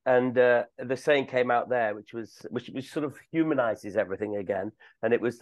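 Male podcast guest with a halting storytelling delivery and a dry, close-miked sound. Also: mid-range voice, no echo, poor audio. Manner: halting, many uhs and restarts, chuckles through stories. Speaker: guest, tour company co-founder. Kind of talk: casual storytelling chat.

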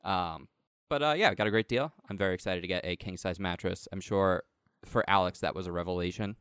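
A man with a smooth, resonant voice chatting casually on a podcast. He rambles through his story, leaning on "like" and "um." His voice sits a little low and sounds close and dry. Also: brisk, a bit bright, no room sound. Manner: rambling, heavy use of "like" and "um". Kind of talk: casual chat.

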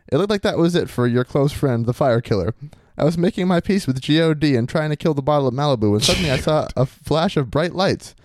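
Fast-talking man, brash comedic reading. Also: mid-range voice, a little mellow, no echo, studio quality. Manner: reads in a swaggering, crude bro persona with laughs breaking in. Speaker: podcast host. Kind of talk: comedic reading of a listener story.

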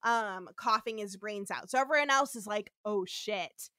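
A woman co-hosting a casual comedic podcast recap, animated and swearing freely as she acts out characters in quick bursts. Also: fairly high pitch, dry recording, studio quality. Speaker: podcast co-host.

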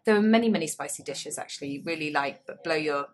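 A woman's voice: deep voice, fast talker. Self-mocking woman telling a story animatedly. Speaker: podcast co-host. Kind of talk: casual chat. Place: small public toilet.

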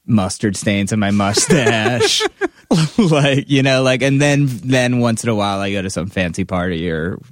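A man's voice: fairly low pitch, animated, moderate pace, no room sound, clean studio sound. Rambling, self-deprecating podcast man. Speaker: podcast co-host. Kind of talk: casual podcast chat.

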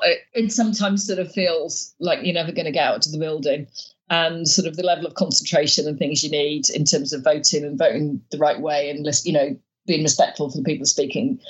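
Woman guest, lowish pitch, lively storyteller who trips over her words, muffled recording. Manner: chatty, many restarts, animated storytelling. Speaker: guest peer. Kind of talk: conversational interview.

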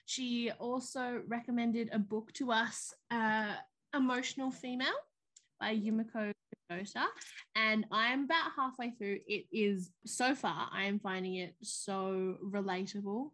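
A woman co-hosting a casual podcast, with a slightly high voice. She tells stories with energy and slips into the voices of the people she quotes. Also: a little slow. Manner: animated storytelling, acts out quoted voices. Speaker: podcast co-host. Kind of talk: casual chat.

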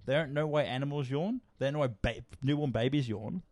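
A man's voice: medium pitch, quick pace, darkish tone, dry recording, studio quality. A young man co-hosting a podcast in casual chat, swearing often, laughing and rambling through stories. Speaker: podcast co-host.

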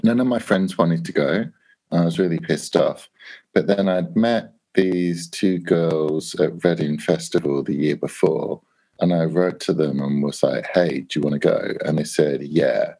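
An English man telling a long anecdote in a casual chat, animated, swearing and acting out what people said. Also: low voice, unhurried. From England. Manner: animated anecdote, swearing, laughing, acts out quoted voices. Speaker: guest. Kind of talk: casual storytelling.

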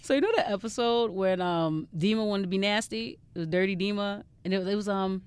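A young woman, a parent of a toddler, chatting casually as a podcast co-host and telling lively stories in which she acts out what other people said. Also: medium pitch, brisk, clean tone. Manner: lively storyteller, acts out quoted voices. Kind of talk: casual chat.

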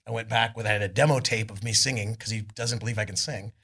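A middle-aged man from California, a guest musician telling laid-back, animated stories at a live podcast show, acting out what others said. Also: fairly low pitch, fast, gravelly, slightly rough. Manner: laid-back, animated storytelling with voices for quotes. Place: arts club on stage before an audience.

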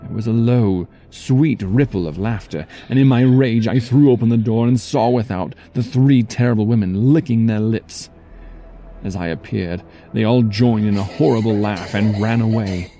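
Dark-voiced male audiobook narrator. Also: on the low side, creaky. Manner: measured, storytelling delivery. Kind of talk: dramatic first-person audiobook narration. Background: faint music.

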